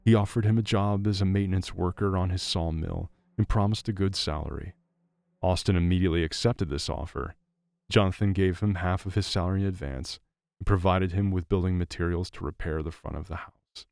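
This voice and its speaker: A man reading a dramatic story aloud as a scripted narration, in a gravelly voice. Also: low voice, steady tone, fairly quick, darkish tone, dry recording, clean studio sound.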